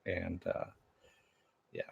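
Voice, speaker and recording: A man's voice: very slow, no room sound, phone-quality sound. A man hosting a casual live-stream chat about TV shows, answering viewers at home in a loose, rambling way with many fillers. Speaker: show host.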